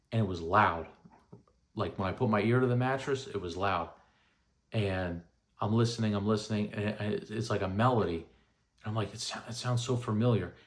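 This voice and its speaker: A man in his thirties casually telling a first-person story, rambling with lots of "you know" and "right?". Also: on the low side. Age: 30s. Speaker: vlogger recounting paranormal experiences.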